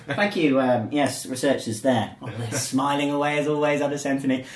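A man in his thirties hosting a podcast, chatting casually and telling stories in an animated, joking way. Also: medium pitch, moderate pace, few pauses. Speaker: podcast host. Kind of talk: casual chat. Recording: roomy echo.

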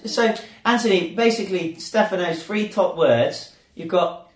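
A man's voice: high-pitched, a little slow, roomy sound. A man hosting a casual podcast, joking and explaining phrases word by word. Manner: playful, punning, explains word by word. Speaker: podcast host. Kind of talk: casual chat and phrase teaching.

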